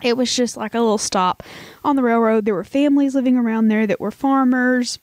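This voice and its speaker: A woman's voice: on the high side, fairly quick, darkish tone, no echo. A woman in her thirties with a Southern US accent, co-hosting a podcast in casual, rambling chat and laughing easily. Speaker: podcast co-host.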